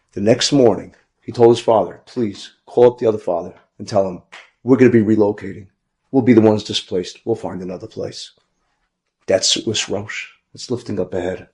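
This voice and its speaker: A man's voice: on the low side, dark tone. A man, a rabbi, telling an inspirational story in a lecture, acting out the people he quotes with big jumps in his voice.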